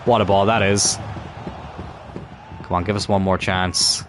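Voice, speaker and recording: A man's voice: low-pitched, level tone, unhurried, background noise. A man casually commenting on a football management game, often grumbling and swearing at it. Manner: frustrated, muttering, swears at the game. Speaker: gaming YouTuber.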